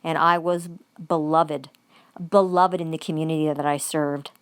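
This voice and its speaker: A woman's voice: low voice, fairly even intonation, moderate pace, smooth, no echo. A woman giving an angry, profane vlog monologue, repeating phrases for emphasis.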